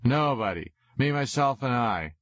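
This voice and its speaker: A man voicing a drunk teenage boy who yells and pleads into a phone, on a dull lo-fi recording. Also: medium pitch, animated, unhurried, dry recording, pitched above the performer's own voice. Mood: drunk, pleading. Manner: slurring, loud and pleading.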